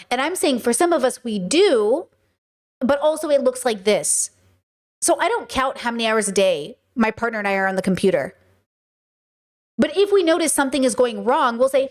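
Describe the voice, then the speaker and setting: A woman hosting a podcast in a casual monologue, animated and blunt, swearing freely and often restarting her sentences. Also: high-pitched, a little fast. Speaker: podcast host.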